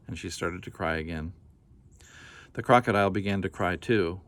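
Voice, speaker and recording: A man reading a children's picture book aloud in a gentle, unhurried way, with casual asides. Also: deep voice.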